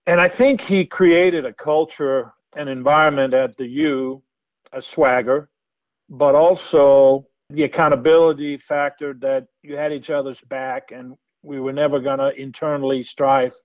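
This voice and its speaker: Male podcast host, measured long questions, kinda dull lo-fi dry sound. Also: medium pitch, fairly even intonation, no room sound. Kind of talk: interview host.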